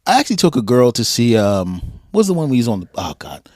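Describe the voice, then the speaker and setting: A man's voice: medium pitch, very animated, fast, darkish tone, no echo, studio quality. A man hosting a casual podcast interview, laughing often and rambling with frequent ums. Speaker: podcast host.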